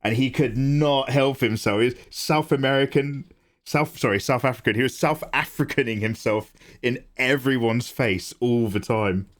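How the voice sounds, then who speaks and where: A man's voice: medium pitch, moderate pace. A man, chatting casually to viewers during a livestream and rambling through his answers. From England. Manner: rambling, chatty, reads chat aloud and answers with laughs. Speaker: livestreaming artist.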